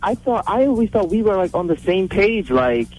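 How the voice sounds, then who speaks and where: A man's voice: high-pitched, big pitch swings, moderate pace, darkish tone, soft background music, low-quality recording. A man in his twenties calling in to a radio talk show, hesitant and full of fillers. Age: 20s. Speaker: caller.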